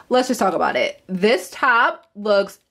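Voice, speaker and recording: A young woman vlogging in a casual, chatty way, her voice jumping up high when she gets excited. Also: no room sound. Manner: chatty and animated, swoops up high on exclamations. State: out of breath. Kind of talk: casual vlog chat.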